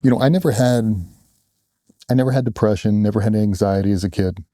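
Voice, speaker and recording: A middle-aged man from the United States speaks bluntly and earnestly as an interview guest. His voice is low and very dark and mellow, recorded close and dry with no room sound. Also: fairly even intonation, a little fast, no room sound. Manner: earnest, blunt, quotes others in raised voices. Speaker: interview guest, former special operations operator. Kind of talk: candid conversational storytelling.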